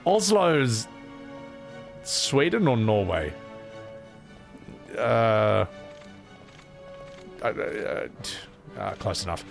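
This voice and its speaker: A young man casually commentating his first playthrough of a game, excitable and self-mocking, laughing and swearing as he goes. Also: lowish voice, very slow, vocal fry, pauses often, faint music behind. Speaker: streamer voicing game characters. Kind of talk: casual let's-play commentary.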